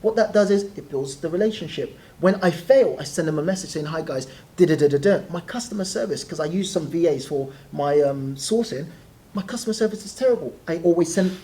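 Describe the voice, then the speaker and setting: A guest telling stories in a casual interview, animated and quick to laugh. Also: mid-range voice. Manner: animated, laughing, acts out quoted voices. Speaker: guest, property deal trainer.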